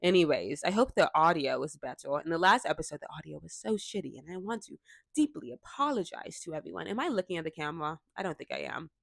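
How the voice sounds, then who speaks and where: A woman's voice: sits low, very animated, fast talker, vocal fry, no room sound. A young woman hosting a casual podcast, chatting in a self-deprecating way and swearing offhandedly. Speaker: podcast host. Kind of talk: casual chat. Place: bedroom at home. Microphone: cheap clip-on microphone.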